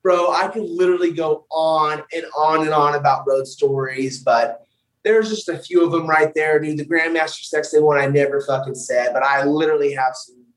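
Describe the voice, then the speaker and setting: A man's voice: fairly high pitch, moderate pace, recorded from a distance, rough recording. Profane young man telling road stories. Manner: profane, animated storytelling. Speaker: wrestler guest. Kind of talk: casual podcast storytelling.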